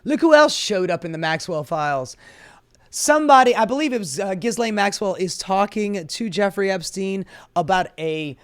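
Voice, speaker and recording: A woman's voice: medium pitch, animated, normal speed, smooth. Sarcastic profane woman ranting. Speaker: political commentary host. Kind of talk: ranting commentary.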